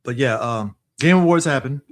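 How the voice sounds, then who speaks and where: A man co-hosting a casual gaming podcast in a relaxed, conversational way, with frequent fillers. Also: medium pitch, moderate pace. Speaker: podcast co-host. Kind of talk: casual chat.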